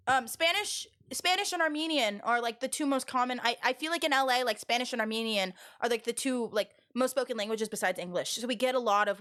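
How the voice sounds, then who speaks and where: A young adult woman streamer telling stories to her chat in an animated way, laughing and restarting her sentences. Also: on the high side. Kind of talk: casual storytelling to chat.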